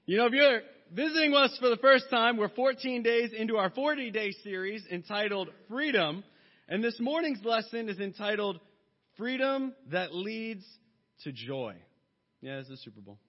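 A man in his thirties preaching a sermon, mixing jokes and lively stories into his message. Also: high voice, normal speed. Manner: joking, lively storytelling. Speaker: pastor. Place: church hall. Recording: long hall reverb, dull sound.

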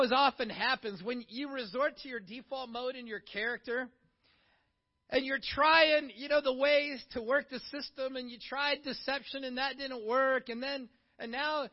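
A high-voiced, middle-aged pastor gives a relaxed, conversational sermon, often questioning the congregation. He moves between hushed asides and energetic bursts, and the recording sounds a bit dull and lo-fi.

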